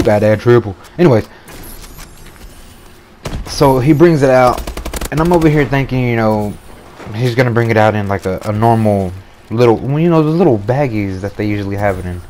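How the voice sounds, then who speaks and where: A man's voice: fairly low pitch, darkish tone, slight background noise. A man in his twenties hosting a gaming channel, telling a story casually over gameplay in a laid-back, slangy way and swearing freely.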